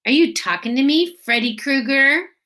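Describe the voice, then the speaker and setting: Mean taunting school bully kid, read by a lady, kinda high voice. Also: expressive, moderate pace, pushed and bright. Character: tough schoolboy bully, sneering.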